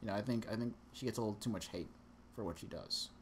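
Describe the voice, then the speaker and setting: A man's voice: fairly low pitch, fast talker. A young man co-hosting a casual podcast, rambling and sarcastic as he talks through a movie plot. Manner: rambling, sarcastic, lots of fillers. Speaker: podcast co-host reviewing a movie.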